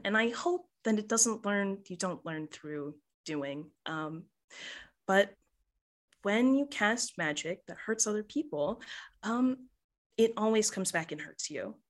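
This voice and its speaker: A serene old grandmother witch, as a woman puts her on, smiling sweetly while she lectures. Her voice is lifted a little above a woman's usual low tone, and she speaks slowly and patiently, with soft hesitations. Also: animated. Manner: gentle, patient, slightly preachy, with many soft "um"s.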